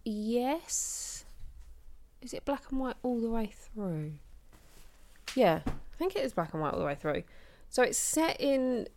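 A woman's voice: a little high, very animated, a little slow, pauses often, darkish tone. Chatty woman in casual conversation. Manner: chatty, hesitant, with fillers. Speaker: podcast co-host. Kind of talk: casual chat about films.

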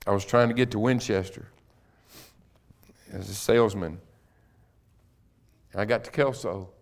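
A middle-aged man, a guest preacher in a church, telling his own conversion story and building to loud, emphatic preaching. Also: lowish voice, fairly even intonation, measured pace. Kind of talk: sermon. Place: church sanctuary.

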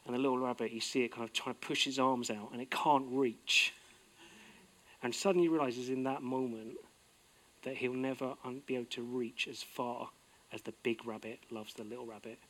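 A middle-aged man preaching a sermon, earnest, swinging from emphatic outbursts to soft, low-voiced reflection. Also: fairly even intonation, moderate pace. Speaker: pastor.

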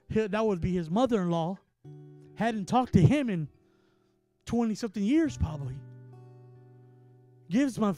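A middle-aged man preaches with a high, ringing voice, shifting between quiet storytelling and forceful, loud declarations. A gentle guitar plays faintly under his sermon. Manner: swings from hushed storytelling to loud emphatic preaching.

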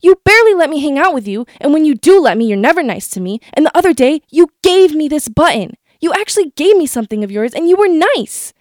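An upset little girl pleads and protests in a high, squeaky voice, put on by a woman reading her own story. The sound is dry and close, with no room around it. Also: big pitch swings, quick pace, few pauses, darkish tone, no room sound. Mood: hurt. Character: upset young girl yelling at her sister.

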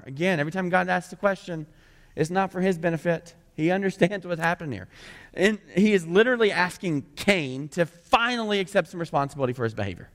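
A man's voice: high-pitched, animated, fast talker, a bit bright, long reverb tail. A male pastor preaching a sermon in a church, conversational and full of rhetorical questions. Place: church sanctuary.

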